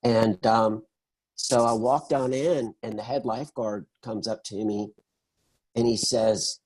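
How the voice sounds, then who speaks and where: A middle-aged man in an interview, telling his story in an animated, conversational way and acting out the voices of the people in it. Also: on the low side, slow pace, poor audio. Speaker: interview guest.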